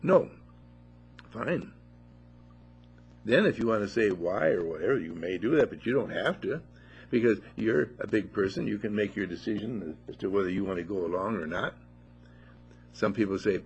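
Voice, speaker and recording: Gravelly, husky man preaching animatedly. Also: lowish voice, normal speed, soft background music. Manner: animated, rhetorical questions, playful asides. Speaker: spiritual teacher at a monastery. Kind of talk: informal spiritual talk to a small group. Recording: dull lo-fi recording.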